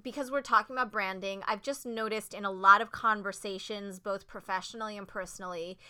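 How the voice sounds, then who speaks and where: A woman who acts on stage, talking as a podcast guest, earnest and animated, with many "like"s and restarts. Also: medium pitch, fairly quick, smooth. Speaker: Broadway actress, podcast guest. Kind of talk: casual interview chat.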